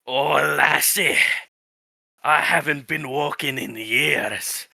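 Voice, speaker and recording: A man voicing a huge, old, gruff but kindly male tree-creature in a gravelly voice and a mock Scottish accent that slips into Australian. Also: a little high, pushed and bright, full character voice. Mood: gruff, friendly. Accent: mock Scottish slipping into Australian. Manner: slow, drawn-out delivery.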